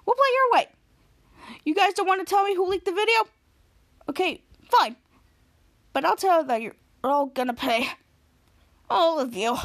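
A woman's voice: high-pitched, expressive, measured pace, pauses often, no echo. A woman voicing a vain, boastful adult male superhero who accuses others and brags, lightly quoted in a retelling. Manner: bragging, accusing.

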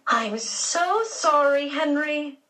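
A woman's voice: high-pitched, big pitch swings, unhurried, fairly bright tone, far from the mic, voice pushed up, full character voice. A woman voicing a stern, exasperated middle-aged aunt in a storybook reading. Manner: exasperated, haughty.

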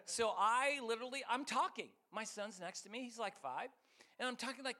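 A middle-aged man preaching a sermon as guest speaker, telling stories with lively acted-out voices and sudden shifts between loud and soft. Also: very high voice, fairly quick. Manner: animated, acts out voices, jumps between loud and quiet. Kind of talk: sermon with storytelling.

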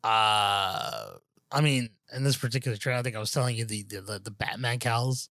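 A man's voice: lowish voice, expressive, a little fast, pushed and bright, no room sound, studio quality. A man co-hosting a podcast, chatting casually and rambling with lots of fillers, restarts and "dude.". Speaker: podcast co-host. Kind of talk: casual chat.

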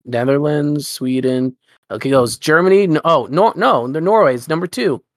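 A man's voice: fairly high pitch, normal speed, no room sound, clean studio sound. Laid-back man co-hosting a podcast. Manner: laid-back, short agreeing replies. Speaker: podcast co-host. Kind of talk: casual chat.

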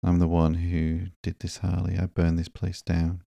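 A man reading the lines of a remorseful young ex-henchman in a comic, hesitant and earnest, in a low, gravelly voice. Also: completely flat delivery, measured pace, mellow, no echo. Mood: earnest, guilty.

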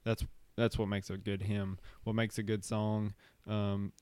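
A man co-hosting a podcast in casual chat, relaxed and halting, with plenty of fillers and laughs. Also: fairly low pitch, clean tone, no room sound. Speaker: podcast co-host.

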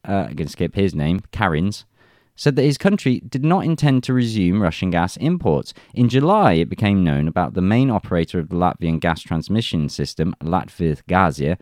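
Man, low voice, animated, reads reports then jokes. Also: moderate pace, no room sound, studio quality. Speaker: news commentator. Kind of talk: casual news commentary.

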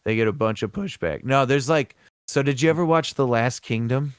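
A man co-hosts a loose podcast chat, rambling through profane asides and laughing often. His voice is smooth and resonant at a middle pitch. The sound is dry and close. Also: moderate pace, no room sound. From American Midwest. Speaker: co-host.

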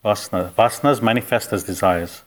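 A man with a lowish voice leads a relaxed philosophy class. He talks conversationally and keeps putting questions to his students. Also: brisk. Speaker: spiritual teacher. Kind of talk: informal philosophy class talk.

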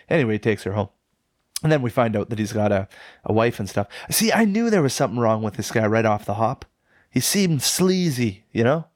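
A man co-hosting a casual film podcast, telling the story in a jokey, profane, excitable way. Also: medium pitch, no echo, studio quality. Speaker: podcast co-host reviewing films.

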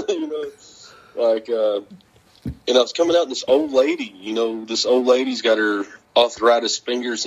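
A man's voice: medium pitch, moderate pace, husky, poor audio. A man telling wrestling stories in a casual interview, swearing freely and laughing often as he talks. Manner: profane, laughing, animated storytelling.

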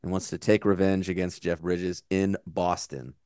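A man's voice: sits low, little pitch movement, moderate pace, darkish tone, smooth, no room sound, studio quality. An American man in his forties, co-hosting a podcast in a casual, rambling chat full of swearing and tangents. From United States. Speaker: podcast co-host.

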